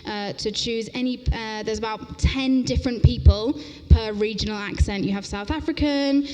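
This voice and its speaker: A woman teacher trainer leading an interactive workshop, talking briskly and upbeat and often checking in with "okay?", recorded in a large lecture hall. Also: on the high side, a little mellow. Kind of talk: interactive conference workshop talk.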